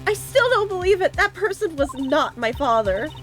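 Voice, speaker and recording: Woman playing frightened young woman, shaky pleading confession, pitched well up. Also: very animated, moderate pace, music in the background. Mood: distraught.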